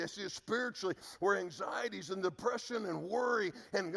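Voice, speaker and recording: Middle-aged male pastor, gravelly, earnest sermon delivery, drops low on key words. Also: a bit bright, long reverb tail.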